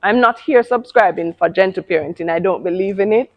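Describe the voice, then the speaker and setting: A woman's voice: mid-range voice, brisk, lo-fi sound. A woman hosting a casual talk on parenting, speaking emphatically and often repeating words. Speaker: parenting channel host.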